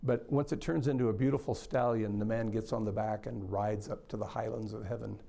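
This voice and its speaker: A man's voice: on the low side, steady tone, fairly quick, vocal fry, mellow. A man, a literature scholar, explaining a book in a thoughtful lecture-style talk.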